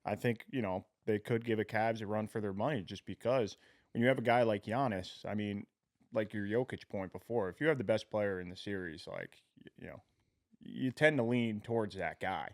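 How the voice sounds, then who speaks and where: A young man co-hosting a sports podcast, talking in a relaxed, hedging way with lots of fillers. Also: on the low side, moderate pace, no echo, clean studio sound. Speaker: podcast co-host. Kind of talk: casual sports chat.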